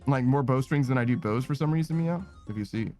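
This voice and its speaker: A young man streaming a game, chatting casually and rambling, ending nearly every phrase with a quick "meow" and swearing now and then. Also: medium pitch, darkish tone, faint music behind. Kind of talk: casual gaming stream chat.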